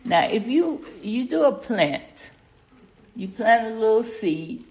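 Older woman leading a slow folksy Bible study. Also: a little high, big pitch swings, darkish tone. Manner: folksy, conversational, asks questions of the group. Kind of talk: informal Bible study teaching.

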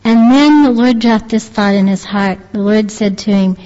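A woman earnestly retelling a religious testimony as a lay preacher, halting and restarting her sentences. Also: medium pitch, dark tone. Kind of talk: devotional storytelling. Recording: long reverb, dull lo-fi sound.

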